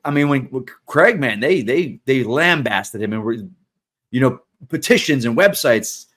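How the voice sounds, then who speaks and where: A man's voice: mid-range voice, animated, unhurried, a bit bright. A man co-hosting a casual podcast who gives his opinions freely and often restarts his sentences. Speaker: podcast co-host.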